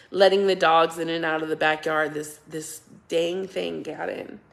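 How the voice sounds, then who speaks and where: A woman's voice: low-pitched, steady tone, a little slow, gravelly. A middle-aged woman hosting a casual livestream, chatting and thanking viewers by name, often laughing. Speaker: livestream host reading viewer comments.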